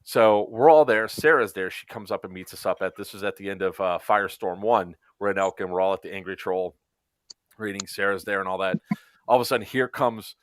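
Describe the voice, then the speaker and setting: A man co-hosting a casual podcast, telling stories in an animated way and acting out quotes. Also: on the low side, fairly quick, no room sound. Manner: animated storyteller, acts out quotes. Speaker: co-host. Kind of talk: casual podcast chat, storytelling.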